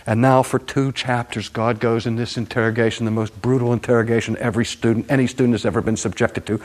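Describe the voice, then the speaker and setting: A male preacher delivering a sermon with dramatic emphasis. His voice sits at an ordinary middle pitch. He swings between forceful stretches and slow, quiet ones. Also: level tone.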